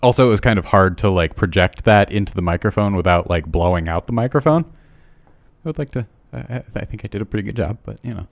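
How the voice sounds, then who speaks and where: A man's voice: on the low side, expressive, fairly quick, vocal fry, no room sound. A man in casual chat, correcting himself and apologizing often. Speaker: podcast co-host.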